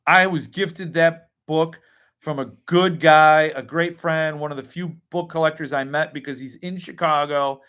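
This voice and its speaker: A man's voice: fairly high pitch, steady tone, unhurried, a bit bright. A man hosting a casual livestream, rambling as he reads and answers chat comments. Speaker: host.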